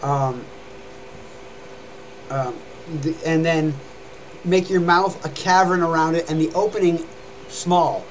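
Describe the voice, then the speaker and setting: A young man with a fairly high voice speaks slowly with long pauses on a live stream. He chats and rambles about how to scream and growl, demonstrating as he goes. The rough recording has a little hiss or hum.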